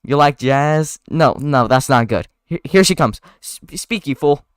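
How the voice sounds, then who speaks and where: A man's voice: mid-range voice, expressive, a little slow, smooth, no room sound, clean studio sound, natural voice. A man voicing a nervous, polite young male bee in a live script reading, stammering and flustered.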